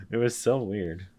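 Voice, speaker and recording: A man co-hosting a podcast, chatting casually about a film, quick to laugh, with lots of fillers. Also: fairly low pitch, mellow. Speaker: podcast co-host. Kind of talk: casual movie review chat.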